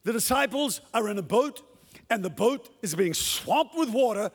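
A man's voice: high voice, expressive, normal speed, slightly rough, long reverb tail. A man preaching a passionate sermon to a congregation, acting out the words he quotes. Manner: impassioned, acts out the lines he quotes. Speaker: pastor. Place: church hall with a congregation.

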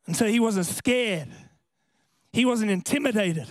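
A man preaching a sermon at a church service, impassioned and building to shouts. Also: high-pitched, a little slow, no room sound. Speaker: pastor. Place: church service with worship band. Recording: music playing behind.

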